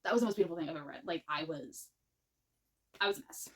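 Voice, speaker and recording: A woman talks through a book review in a gushing, animated way. Her voice sits a little low, and she rambles and restarts her sentences as she goes. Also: fast talker. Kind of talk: casual spoken book review.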